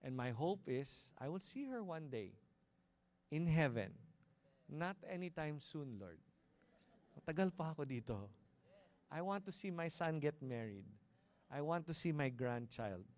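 A middle-aged man with a Filipino accent preaching a sermon, asking the congregation "Amen?" and moving between loud and hushed delivery. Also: a little high, expressive, measured pace, long pauses. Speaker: pastor. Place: cinema hall used as a church.

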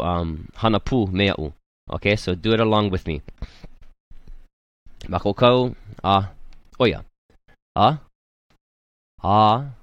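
A man's voice: fairly low pitch, no room sound. A man teaching a language class, patiently modelling vowel sounds and checking in with his students. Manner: slow, careful, models vowels aloud with frequent "right?" and "um".

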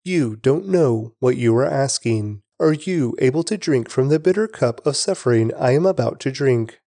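A man reading the lines of Jesus, a calm adult male teacher, in an even, earnest scripture reading. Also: medium pitch, moderate pace, no room sound.

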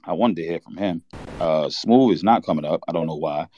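A man hosting a sports talk show, telling a candid, halting story of losing his cousin. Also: low-pitched, dark tone, lo-fi sound. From New York. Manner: candid, halting, reliving a loss. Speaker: podcast host.

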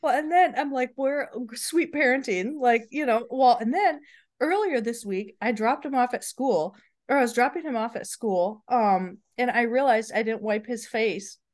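A woman in her thirties co-hosting a podcast, telling funny parenting stories in an animated way and laughing often. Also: fairly high pitch, moderate pace. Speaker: podcast co-host. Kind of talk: casual chat.

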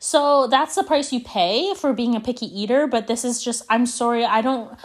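A woman's voice: a little high, moderate pace. A woman in her twenties hosting a solo podcast in a rambling, chatty way, full of fillers and restarts, and given to dramatic, exaggerated declarations. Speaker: podcast host. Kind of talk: casual solo podcast chat.

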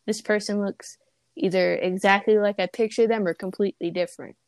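A woman's voice: mid-range voice, steady tone, brisk, darkish tone, no echo. A young woman co-hosting a casual chat, talking in a laid-back, reflective way. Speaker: co-host.

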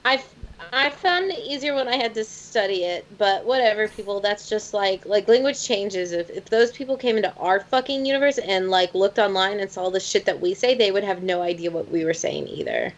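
A woman's voice: medium pitch, brisk. A woman in a casual podcast chat, blunt and swearing, with many fillers. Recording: dull lo-fi sound.

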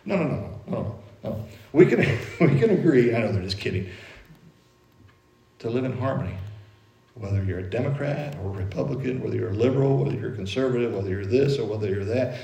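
A man's voice: medium pitch, animated, a little fast, gravelly, long pauses, dark tone, echoey room. A middle-aged man preaching a sermon in a conversational, folksy way, full of everyday stories.

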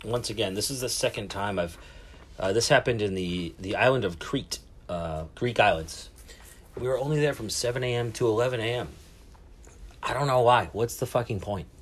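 A man's voice: on the low side, normal speed, slight background noise. A man hosting a casual solo podcast from a cruise ship, rambling, swearing and poking fun at himself. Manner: rambling, profane, self-mocking. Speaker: podcast host. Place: cabin aboard a cruise ship.

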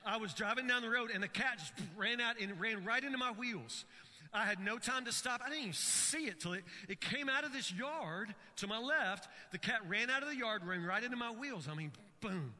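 A man's voice: very high voice, lively intonation, a little fast, sharp tone, big-room sound. A man preaching a sermon, telling stories with frequent stammered restarts. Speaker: pastor.

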